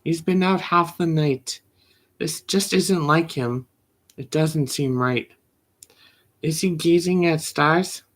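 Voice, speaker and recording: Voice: medium pitch, slow. A reader voicing a lonely worried house cat. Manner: plaintive, questioning reading. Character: lonely house cat waiting anxiously for its boy. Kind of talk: poetry reading.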